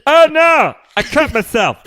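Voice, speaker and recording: A man doing a yelping, squeaky coworker. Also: sing-song, measured pace, background noise, exaggerated voice. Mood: pained. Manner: high, yelping impression with laughs. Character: excitable, squeaky-voiced male coworker.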